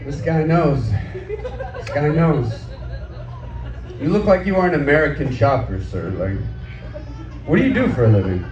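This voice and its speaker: A man's voice: fairly high pitch, big pitch swings, fairly quick, a little mellow. Stand-up man, distant echoey lo-fi sound. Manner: loose, chatty, crude joking, asks the crowd questions. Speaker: stand-up comedian. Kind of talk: stand-up set with crowd work. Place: outdoor stand-up show. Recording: echoey, distant, dull sound with faint background noise.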